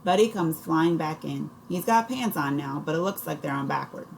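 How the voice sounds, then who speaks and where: A woman reading a first-person audiobook in a steady storytelling manner. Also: low voice, normal speed, creaky, a little hiss or hum, low-quality recording. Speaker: audiobook reader.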